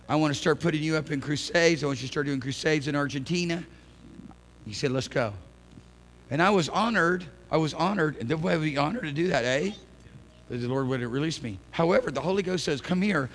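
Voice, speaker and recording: A man preaching a sermon in church, swinging from quiet conversational asides to loud, impassioned bursts with folksy turns of phrase. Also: fairly high pitch, a little hiss or hum. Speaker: pastor. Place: church sanctuary.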